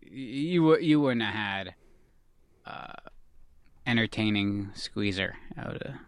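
A man's voice: lowish voice, expressive, takes it slowly, no room sound. A man in his thirties co-hosting a casual podcast, telling rambling, self-mocking family stories. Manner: rambling storyteller, self-deprecating. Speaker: podcast co-host. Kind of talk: casual chat.

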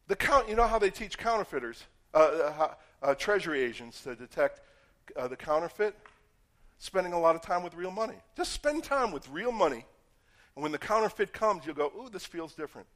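A man preaching a sermon as a pastor, talking in an easy conversational way, telling stories and acting out quoted voices, swinging from loud emphatic points to quiet asides. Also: a little high.

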